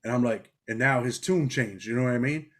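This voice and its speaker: A middle-aged man talks quickly in blunt, streetwise phrases. He keeps dropping "man" and "bro" as he tells his stories. His voice sits in a middle pitch. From New York. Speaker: interview guest, former prisoner. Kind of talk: casual interview storytelling.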